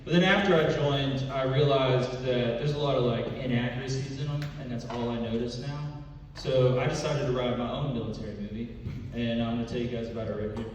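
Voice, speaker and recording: A man performing a stand-up comedy set, telling a story in a deadpan way and dropping low and quiet for punchlines. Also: brisk, heavy reverb, big-room sound, recorded from a distance, a little hiss or hum, rough recording. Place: comedy club stage.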